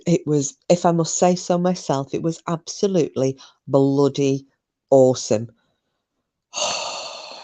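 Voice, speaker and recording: A woman's voice: deep voice, slow, pauses often, warm tone. A woman hosting a live stream, chatting casually, gossipy and sweary, reading out comments.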